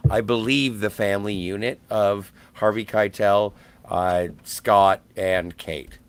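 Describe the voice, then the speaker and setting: A man's voice: lowish voice, fairly even intonation, slow pace, smooth. A man co-hosting a podcast, talking about a movie in a jokey, profane, casual way. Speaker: podcast co-host.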